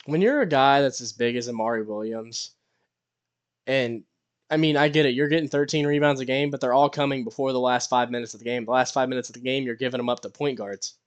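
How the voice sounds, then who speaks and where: This man has a middle-pitched, everyday voice and talks in a relaxed sports chat. He rattles off race positions and game stats in quick updates, like a fan keeping score for friends. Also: smooth. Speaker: podcast co-host.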